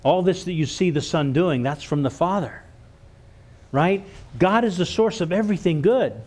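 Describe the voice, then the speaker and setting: A man's voice: high-pitched, moderate pace, darkish tone. A man preaching a church sermon, earnest, stumbling over and repeating words as he goes. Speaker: pastor.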